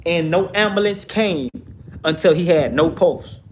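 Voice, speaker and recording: A slightly high-pitched man, spinning a story from his neighborhood. He talks casually and profanely and punches key points with emphasis. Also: unhurried, slight background noise. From Texas, USA. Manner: emphatic, profane, streetwise retelling with rising bursts of emphasis. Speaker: vlogger.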